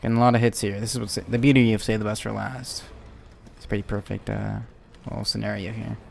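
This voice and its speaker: Gravelly young man narrating gameplay. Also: fairly low pitch, quick pace, slight background noise. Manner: chatty, self-talking, bursts into excited yelling. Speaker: gaming YouTuber. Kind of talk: casual gameplay commentary.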